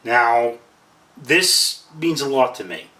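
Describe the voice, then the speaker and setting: Man, rambling, self-deprecating, bright, roomy and off-mic. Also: medium pitch, animated, slow pace, recorded from a distance. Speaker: vlogger. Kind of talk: casual monologue to camera.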